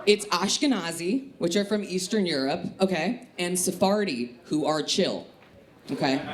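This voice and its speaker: A woman from the Chicago area doing a stand-up comedy set on a club stage, with a punchy, lively delivery. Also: low-pitched. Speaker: stand-up comic. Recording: live club with echo and crowd laughter. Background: laughing audience.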